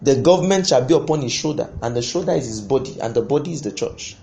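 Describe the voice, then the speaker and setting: A man preaching a sermon, impassioned, breaking into sudden loud bursts. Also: mid-range voice, expressive, fast talker, creaky.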